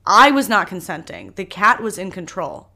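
A young woman hosting a solo podcast, talking candidly and animatedly, her voice swinging between loud bursts and soft asides. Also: medium pitch, very animated, moderate pace, vocal fry. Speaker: podcast host.

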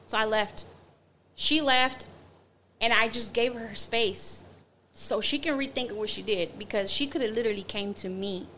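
A woman's voice: fairly high pitch, a little hiss or hum. A woman telling a personal story in casual chat, acting out the quotes with lots of fillers. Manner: animated, acts out quotes, many fillers.

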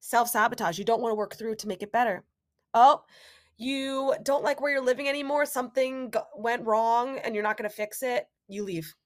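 Young woman, podcast host, casual animated talk, acts out quotes, higher voice. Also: normal speed.

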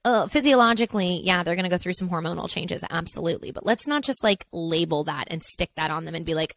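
A woman's voice: fairly low pitch, fast talker, vocal fry, hardly any pauses, fairly bright tone, dry recording. A woman in her thirties hosting her own podcast, talking casually in a rambling, chatty way with lots of asides. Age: 30s. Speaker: podcast host. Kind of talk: casual solo podcast chat.

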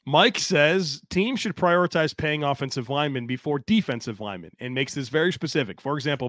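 Male podcast co-host, relaxed and conversational, average pitch, dry close-miked sound. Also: no room sound. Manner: easygoing, conversational, reads listener takes aloud. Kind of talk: casual sports podcast chat.

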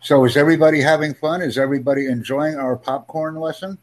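A man teaching an English conversation lesson over a video call, upbeat and encouraging, speaking in simple, slowed-down phrases. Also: a little high, fairly even intonation. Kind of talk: live online English lesson.

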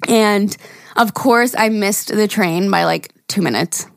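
A woman's voice: mid-range voice, slow pace, vocal fry, no echo, clean studio sound. A young woman, co-hosting a podcast and telling a story in casual chat, acting out quotes and swearing freely. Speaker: podcast co-host.

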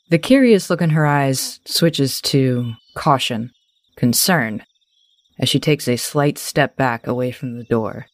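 A woman's voice: a bass voice, lively intonation, slow pace, dry recording. A woman running a tabletop game, narrating scenes in detailed, cinematic description. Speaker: game master.

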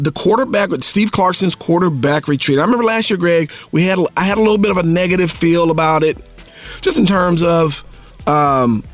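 A man hosting a casual sports talk show who rambles his way through questions. His voice sits fairly high for a man. Faint music plays behind him. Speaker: host.

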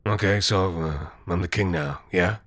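A man's voice: sits low, a little slow, a bit bright, no echo. A man voicing an odd, confused middle-aged wanderer who speaks hesitantly.

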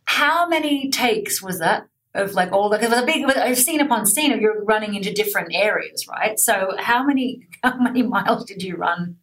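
A woman interviewer in a casual chat, excitable and swearing casually. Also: medium pitch, fairly quick, far from the mic.

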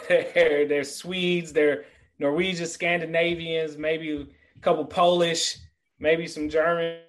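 A middle-aged man speaking as a podcast guest, sitting a little higher in pitch than most men. He tells stories with animation and lands his points in an earnest, motivational way. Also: slow pace, rough recording. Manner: animated storyteller. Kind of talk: casual podcast chat.

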